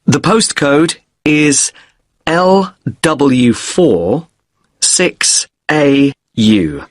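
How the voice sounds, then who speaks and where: An actor playing a polite hotel guest. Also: male voice, a little high, lively intonation, dry recording. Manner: deliberate, spelling out letters slowly. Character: polite British man with broken wrist checking in. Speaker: hotel guest in a listening test dialogue. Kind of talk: scripted exam dialogue.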